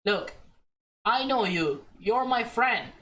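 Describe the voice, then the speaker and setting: A woman's voice: on the high side, expressive, slow pace, a bit bright, slight background noise, low-quality recording. A woman voicing a hurt, reproachful young woman who is pulling away from her friend.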